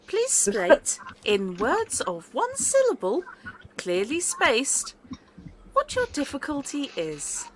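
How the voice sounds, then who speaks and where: A woman voicing a polite automated female hotel chatbot, speaking slowly and over-clearly with prim courtesy. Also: high-pitched, huge pitch swings, background noise, pitched above the performer's own voice, exaggerated voice.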